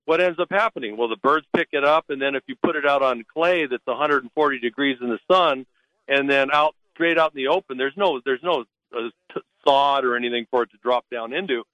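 A man's voice: medium pitch, fairly quick, bright, forceful tone, no room sound. A man calling in as a guest on a radio talk show, blunt and indignant, talking over a phone line. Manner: indignant, blunt, mocks officials in put-on voices. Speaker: naturalist guest.

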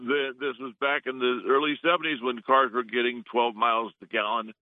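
A male radio caller with a rambling, hesitant manner and a middle-pitched voice. He comes through a thin, phone-like line that sounds dry. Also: steady tone, a little fast, dry recording. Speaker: regular caller. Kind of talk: casual call-in talk.

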